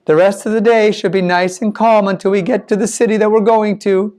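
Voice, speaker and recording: A man voicing a missionary's wife who is rattled and exasperated, wanting a calm ride. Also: sits high, brisk, close to an everyday voice. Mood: weary.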